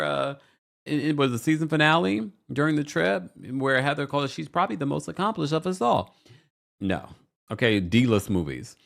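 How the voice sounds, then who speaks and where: A man hosting a reality TV recap vlog, talking in a gossipy, animated way and jumping into high mocking voices when he quotes people. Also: gravelly. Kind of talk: casual recap commentary.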